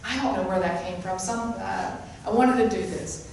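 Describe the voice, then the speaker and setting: Recorded from afar in an echoey spiritual center hall with a touch of hiss or hum, a woman gives a forceful sermon-style spiritual talk and repeats her main phrases. She's a spiritual teacher with a gravelly, darkish mid-range voice at a moderate pace.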